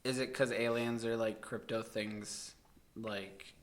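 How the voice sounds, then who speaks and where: A man from the American Midwest co-hosting a podcast, telling a story in a rambling, halting way and laughing easily. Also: lowish voice, fairly even intonation. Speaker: podcast co-host. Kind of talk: casual chat.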